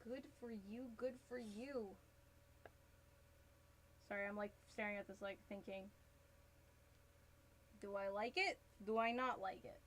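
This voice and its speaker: A woman's voice: medium pitch, steady tone, unhurried, long pauses, a bit bright, a little hiss or hum, rough recording. A woman chatting casually while she crafts a cosplay on a live stream, rambling, laughing often and answering her chat. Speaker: cosplay livestreamer.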